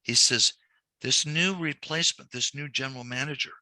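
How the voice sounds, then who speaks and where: Recorded as a training lecture with no room sound, this clip features a male banking instructor speaking at a moderate pace in a medium pitch. Teaching his class, he goes through figures one step at a time and tells lively stories, acting out the quoted dialogue.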